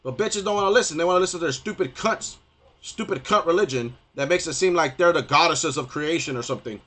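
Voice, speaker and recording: A man's voice: on the high side, fast talker, pushed and bright. A young man ranting on a gaming stream, profane and rambling, stumbling over restarts and repeating himself.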